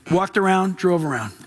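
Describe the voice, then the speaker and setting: A man preaching a sermon as pastor, casual and animated, with slang and laughter. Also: sits high.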